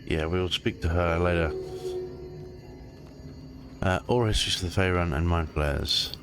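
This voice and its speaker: A man's voice: sits low, a little slow, a bit bright, faint music behind. A man giving casual commentary over a video game, reading in-game books aloud and often stumbling and correcting himself. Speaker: gameplay commentator.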